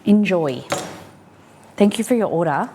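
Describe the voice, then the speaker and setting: A woman's voice: fairly low pitch, lively intonation, a little slow, warm tone, a little hiss or hum. An Australian woman hosting a casual live cooking stream, chatting as she cooks and reading viewer comments aloud. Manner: chatty, reads viewer comments aloud, talks to her dog. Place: home kitchen.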